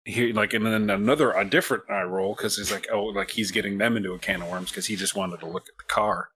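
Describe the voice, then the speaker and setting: A man's voice: on the low side, steady tone, fast, a bit bright. A man from the United States hosting a podcast, telling a long, self-mocking story in a casual way with many restarts. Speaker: podcast host.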